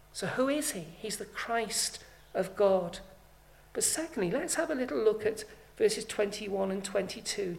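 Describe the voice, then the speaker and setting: A woman's voice: a little high, darkish tone. A woman preaching a sermon, emphatic, swelling and dropping her volume to stress points.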